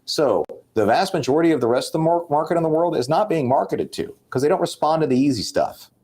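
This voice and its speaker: A man's voice: on the high side, lively intonation, quick pace, darkish tone, slightly rough. A man co-hosting a sales talk show, talking bluntly and making his points like a lecture. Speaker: podcast co-host.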